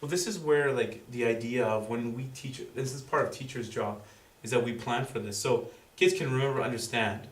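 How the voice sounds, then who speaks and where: A man giving a school presentation to parents, explaining in a halting way full of fillers and restarts. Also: medium pitch. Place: school room with audience. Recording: roomy, distant, faint background noise.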